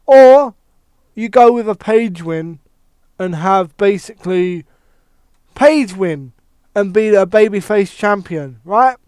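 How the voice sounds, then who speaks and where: A man rants about wrestling in a casual, animated way, swearing freely and correcting himself mid-sentence. His voice is high and smooth. The recording is very dry and close. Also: slow, pauses often, no echo. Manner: animated, heavy swearing, thinks aloud with restarts. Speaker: wrestling commentator. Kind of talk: casual wrestling opinion monologue.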